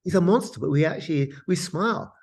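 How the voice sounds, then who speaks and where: A man, an author, telling animated stories in an interview. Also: a little high, fast talker, vocal fry, breathy edge. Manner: animated storyteller. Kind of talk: interview, anecdotal storytelling.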